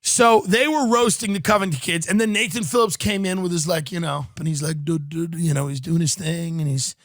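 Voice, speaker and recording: High bright-voiced man ranting sarcastically. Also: steady tone, a little fast, dry recording, studio quality. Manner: sarcastic, riffing storyteller. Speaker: podcast host. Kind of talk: comedic podcast rant.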